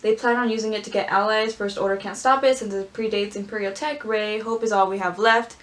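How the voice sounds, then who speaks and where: A woman vlogger reading aloud and chatting casually, gushing and squealing with excitement. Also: medium pitch, brisk. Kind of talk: casual script-reading commentary.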